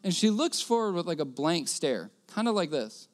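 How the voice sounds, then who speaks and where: A man's voice: fairly high pitch, big pitch swings, moderate pace. A man preaching a sermon, telling a personal story earnestly and repeating key phrases.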